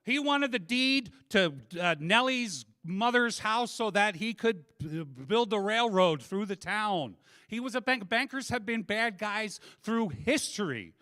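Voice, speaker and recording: With a high voice and measured pace, a middle-aged comedian performs live on stage using a handheld microphone. His material is self-deprecating, his storytelling animated.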